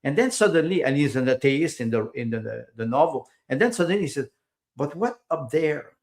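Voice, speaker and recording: This male podcast guest talks fast and expressively in a mid-range voice during a casual conversation. He is hesitant, often using fillers and repeating words, and makes small grammar mistakes as a second-language English speaker.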